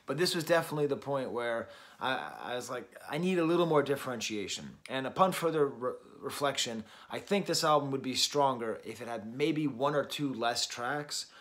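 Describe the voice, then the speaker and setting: A man talks through an album review at home while exercising. His voice sits at a plain middle pitch, and he hesitates often with ums and soft chuckles as he goes. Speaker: host and record reviewer. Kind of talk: casual album review monologue.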